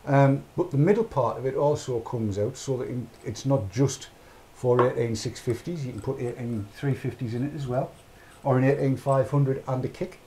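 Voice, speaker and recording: A man's voice: medium pitch, moderate pace, warm tone, slight background noise. A middle-aged man hosts a casual chat, rambling along in a mid-range voice. He talks off the cuff and narrates his own actions aloud as he goes. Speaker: podcast host.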